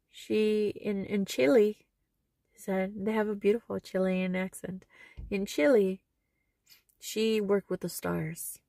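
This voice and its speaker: A woman's voice: mid-range voice, vocal fry, mellow, dry recording, studio quality. A middle-aged woman telling a personal story in a vlog, earnest and emotional as she retells conversations. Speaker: vlogger.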